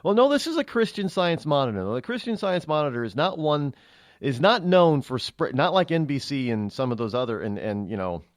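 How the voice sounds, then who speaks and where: Male radio host, rambling opinionated monologue, lively swinging pitch, dry studio sound. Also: brisk, no echo. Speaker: radio talk show host.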